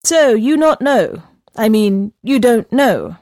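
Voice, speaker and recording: A woman voicing an excitable, drunken male horse who speaks in broken English. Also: a little high, slow, no room sound, studio quality, full character voice. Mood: excited.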